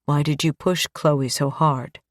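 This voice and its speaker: A woman voicing a calm, gentle man who works with children, in an audiobook. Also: low-pitched, measured pace, no room sound, studio quality. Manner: gentle, even.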